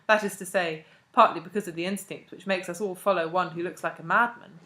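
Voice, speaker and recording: A woman narrating a classic novel as an audiobook, in a measured and expressive way. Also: medium pitch. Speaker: audiobook reader.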